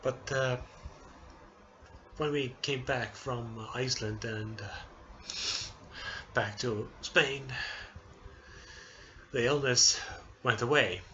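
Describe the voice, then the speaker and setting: A young man vlogging a casual personal update, halting and hesitant, tearful as he talks. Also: medium pitch, fairly even intonation, sharp tone, lo-fi sound, a little hiss or hum. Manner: halting, hesitant, many restarts and apologies.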